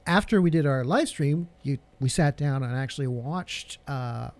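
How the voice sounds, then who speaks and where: A man's voice: mid-range voice, normal speed, darkish tone. A man co-hosting a podcast in casual chat, analytical, quoting characters as he talks. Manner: analytical, quotes characters in his own voice. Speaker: podcast co-host.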